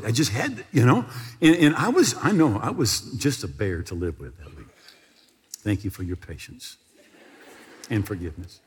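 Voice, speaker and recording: A man's voice: mid-range voice, very animated, moderate pace, slightly rough, long reverb tail. A man preaching a television sermon, telling a personal story and leading viewers in prayer. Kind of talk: sermon with altar call.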